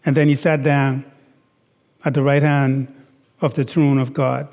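Emphatic preacher in a reverberant hall. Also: male voice, medium pitch, level tone, darkish tone. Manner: slow, deliberate, emphatic preaching with rhetorical questions. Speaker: pastor. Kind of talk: sermon.

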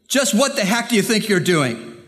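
A man voicing an angry young male executive who shouts and demands answers, with a long hall reverb. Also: high voice, sing-song, moderate pace, voice pushed up. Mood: furious shouting.

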